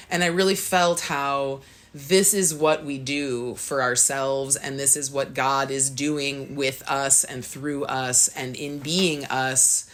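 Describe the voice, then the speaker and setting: Low-voiced woman telling a spiritual story. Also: fairly even intonation, takes it slowly, a bit bright. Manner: earnest storytelling, acts out her own thoughts in a higher voice. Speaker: podcast co-host. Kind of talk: casual spiritual chat.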